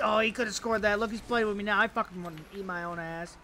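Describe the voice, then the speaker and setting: This is a high-pitched, quick-paced young man gaming at his home computer, with slight background noise. Swearing and ranting, he commentates on his own play and makes fun of himself and his opponents in excitable outbursts.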